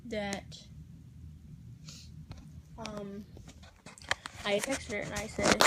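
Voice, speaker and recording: A teenage girl tells a personal story straight to the camera, halting and restarting, sometimes sinking into a soft whisper. Her voice stays level and carries a gravelly fry. Clear background noise sits under the recording. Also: medium pitch, flat delivery. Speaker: vlogger.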